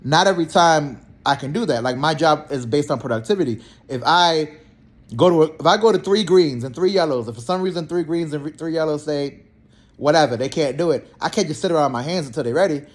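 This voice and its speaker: A young man, a healthcare therapist, telling work stories in a blunt, slangy, animated way and acting out both sides of the talk. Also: fairly high pitch, a little fast. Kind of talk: casual storytelling vlog.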